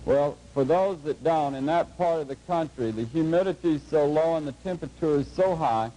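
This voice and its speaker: A middle-aged man gives a lecture to a class, telling a humorous story in a dry, unhurried, folksy way. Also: on the high side, mellow, a little hiss or hum, low-quality recording. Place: lecture hall before a live audience.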